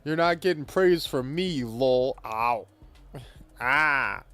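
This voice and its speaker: A VTuber streamer riffs through a gameplay session in an easy, drawn-out delivery. The talk swings into theatrical mock pleading and playful moaning for laughs. Faint background music sits under the voice. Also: medium pitch, expressive, fairly bright tone. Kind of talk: casual gameplay commentary.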